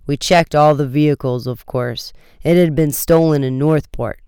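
A man's voice: on the high side, steady tone, moderate pace, a little mellow, clear, resonant tone, no room sound, clean studio sound, natural voice. A man voicing a blustering, exasperated male police chief in a storybook reading. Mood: matter-of-fact.

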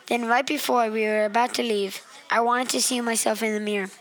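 A woman reading aloud an earnest, expressive personal story. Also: on the high side, a little fast, few pauses, low-quality recording.

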